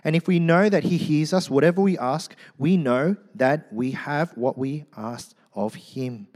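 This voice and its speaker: Animated preacher in a reverberant hall. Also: male voice, a little high, unhurried. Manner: animated storyteller, acts out crowd voices. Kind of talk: sermon.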